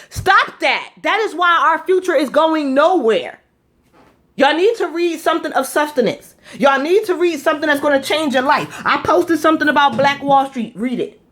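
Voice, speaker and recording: Fiery woman preaching on a live stream. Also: a little high. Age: adult with four children. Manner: fiery, preachy and repetitive, with blunt profanity. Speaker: blogger on a live feed. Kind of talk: impassioned live-stream address.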